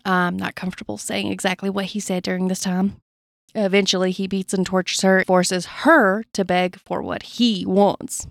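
A woman's voice: mid-range voice, little pitch movement, normal speed, no room sound, clean studio sound. A woman co-hosting a true crime podcast, reading from a case account with blunt personal asides. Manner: reads gravely, adds blunt asides. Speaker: podcast co-host.

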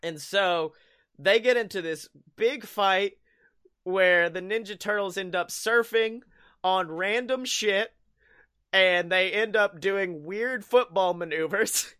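Man, podcast host, casual movie recap, rambling, profane, bright high voice. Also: smooth. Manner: rambling, profane, laughs often.

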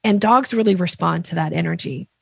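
A middle-aged woman, a sales expert guest, explaining with vivid examples and lively acted-out voices. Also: fairly low pitch, a little fast, gravelly, breathy edge, no room sound. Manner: lively, acts out quoted voices.

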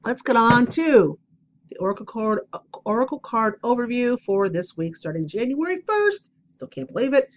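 A woman's voice: a little high, sing-song, moderate pace, dull audio, slight background noise. A woman chatting casually at home for her vlog, rambling and self-deprecating as she tells stories before an oracle card reading. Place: at home, indoors.

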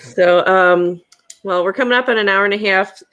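A young woman hosting a podcast, telling personal stories in a casual, animated way and laughing often. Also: medium pitch, moderate pace, muffled recording. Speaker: podcast host. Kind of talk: casual storytelling chat.

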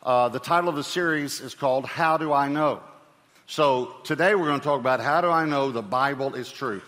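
A man's voice: mid-range voice, fairly quick, a bit bright. A man preaching a sermon as pastor, speaking in a conversational way with fillers and light humor. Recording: long hall reverb.

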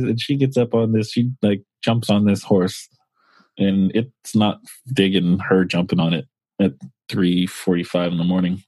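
A man's voice: low-pitched, flat delivery, unhurried, dark tone, no room sound. A man co-hosting a podcast, telling a long story in a casual, rambling, profane way full of fillers. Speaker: podcast co-host.

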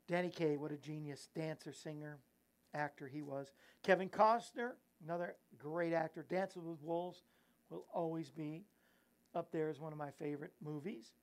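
A man's voice: a little high, steady tone, moderate pace. A man hosts a casual Christian talk show. He rambles, giggles at his own slips and pokes fun at himself. He shifts into earnest, preachy exhortation. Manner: rambling, giggly, self-mocking. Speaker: host and evangelist.

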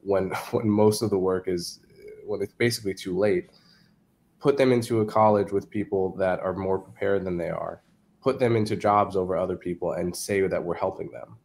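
A man with a very low, gravelly voice speaks as a guest in a discussion. He stumbles and repeats words before landing his points firmly. His tone is low and rough throughout. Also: steady tone, a little mellow. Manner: halting, repeats words, emphatic. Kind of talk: casual discussion.

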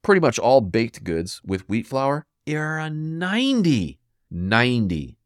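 A man's voice: mid-range voice, very animated, slow pace, dry recording, studio quality. A man hosting a solo health podcast, talking emphatically and scolding the listener, now and then mimicking what people think. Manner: mimics listeners in quoted asides. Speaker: podcast host.

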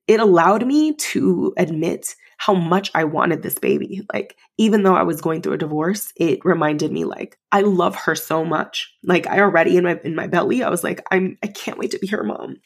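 A woman's voice: fairly low pitch, moderate pace, hardly any pauses. A woman in her thirties, a podcast host, telling her personal story in a candid, emotional way with many fillers. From United States.

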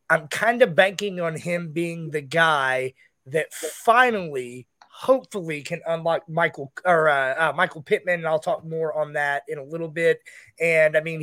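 A fairly high-voiced man gives his football rankings steadily and plainly. The recording is dry and close, with no room sound. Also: sharp tone, dry recording. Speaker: guest analyst. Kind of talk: casual podcast analysis.

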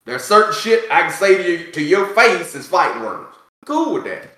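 Animated, high-pitched ranting man. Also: normal speed. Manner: profane, animated ranting with mocking asides. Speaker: podcast co-host. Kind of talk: casual chat. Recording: echoey room.

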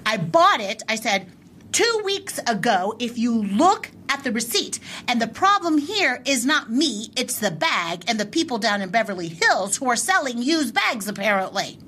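A middle-aged woman tells a story on a casual podcast, with a voice a little higher than most women's. She acts out both sides of an argument with wide swings in pitch. A faint hiss sits under the recording. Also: sing-song, moderate pace, pushed and bright. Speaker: podcast co-host.

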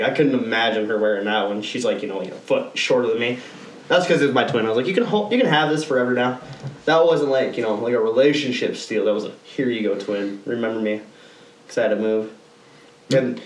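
A man's voice: mid-range voice, echoey room, distant mic, slight background noise, rough recording. A man co-hosting a podcast, telling rambling, profane stories in casual chat and laughing often. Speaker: podcast co-host.

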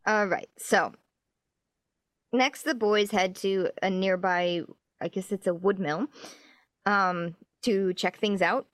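A woman's voice: medium pitch, fairly even intonation, dry recording. Agreeable woman co-host, dry sound. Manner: agreeable, chimes in with quick affirmations. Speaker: podcast co-host. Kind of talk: casual chat recapping a TV episode.

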